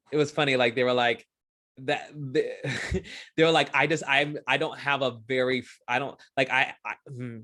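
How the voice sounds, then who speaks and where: A man from Houston, Texas chats as an interview guest, his voice bright and forward. He tells stories loosely, full of fillers and quick restarts. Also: medium pitch. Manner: chatty storyteller, many fillers and restarts. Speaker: guest, stage performer. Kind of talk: casual interview chat.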